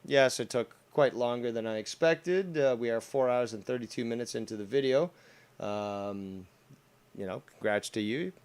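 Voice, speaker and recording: A man's voice: mid-range voice, normal speed, darkish tone, clean tone. A man hosting a long stream, giving mocking, sarcastic commentary on clips he plays, with frequent swearing. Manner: sarcastic, profane. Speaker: stream host.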